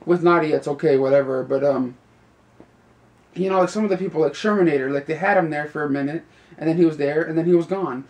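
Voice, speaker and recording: A young man with a slightly high, somewhat mellow voice gives a quick, casual, rambling video review. He leans on fillers like "you know" and "like" and laughs often while talking.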